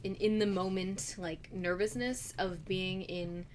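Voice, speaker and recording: A woman's voice: mid-range voice, steady tone, measured pace, slight background noise. A woman with a Philadelphia accent co-hosting a podcast, chatting casually and earnestly. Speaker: podcast co-host. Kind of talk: casual chat.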